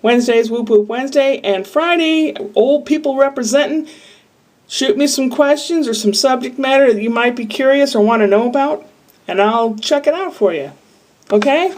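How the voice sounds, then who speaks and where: A woman's voice: high-pitched, normal speed, a little mellow. A woman from Iowa talking to camera in a casual, rambling, candid diary-style monologue full of asides. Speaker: vlogger. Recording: voice a bit far from the mic.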